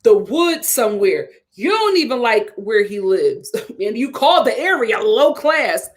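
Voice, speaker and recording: A woman's voice: fairly high pitch, big pitch swings, measured pace, few pauses. A woman giving a casual, opinionated live review of a TV episode. She laughs often and acts out what people said. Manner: chatty and opinionated, acts out quotes in voices; laughs often while talking. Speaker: TV show reviewer.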